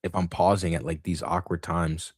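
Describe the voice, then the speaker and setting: A man with a very low, deep voice talks through a market livestream in a loose, rambling way, full of fillers and restarts. The sound is dry and close, with hardly any room around it. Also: flat delivery, moderate pace, slightly rough, no echo. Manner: rambling, thinks aloud with many fillers and restarts. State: has the hiccups. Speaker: livestream host. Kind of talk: casual market commentary livestream.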